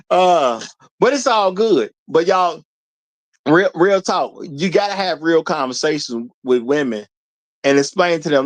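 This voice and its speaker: A man's voice: fairly high pitch, animated, a little slow. A man hosting a livestream, talking bluntly and lecturing his chat in casual commentary. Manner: blunt, preachy, talks straight to the chat. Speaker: livestream host.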